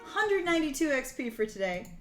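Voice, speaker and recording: A woman's voice: sits high, big pitch swings, brisk, over music. A woman live-streaming her language study, reading prompts aloud, translating them and correcting herself as she goes in casual chat. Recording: echoey room with background noise. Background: keyboard typing and clicks.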